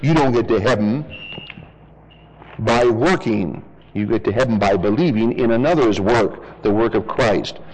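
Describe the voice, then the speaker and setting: A man's voice: fairly low pitch, measured pace, darkish tone, big-room sound, poor audio. A man preaching a verse-by-verse Bible sermon, reading scripture aloud and explaining it to his congregation.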